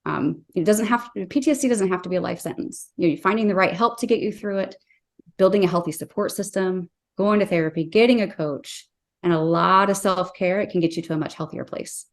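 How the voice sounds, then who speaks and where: A woman's voice: fairly low pitch, brisk. A woman in her thirties, a life coach guest on a podcast, talking earnestly and casually with many fillers and restarts. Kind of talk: casual interview talk.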